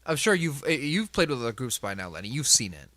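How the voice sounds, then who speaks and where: Animated, bright-voiced game master. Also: male voice, mid-range voice, quick pace, no echo. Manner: emphatic, laughs often, reflective. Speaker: game master of a tabletop group. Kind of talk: casual group chat.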